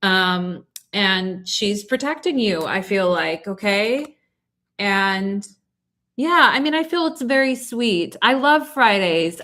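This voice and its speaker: A woman's voice: mid-range voice, expressive, slow, fairly bright tone. A young woman giving a live tarot reading, soothing and reassuring, checking in with listeners often. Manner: soothing, reassuring, lots of "okay?" check-ins. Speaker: tarot reader.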